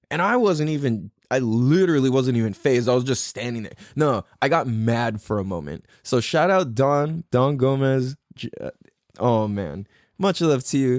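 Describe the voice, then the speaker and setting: A man in his thirties tells stories on his podcast in a loose, rambling way, cursing freely and circling back when he loses his point. His pitch swings widely as he talks, and the sound is dry and close. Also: a little mellow, no room sound. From California. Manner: rambling, swears a lot, loses his thread. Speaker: podcast host. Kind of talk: casual storytelling.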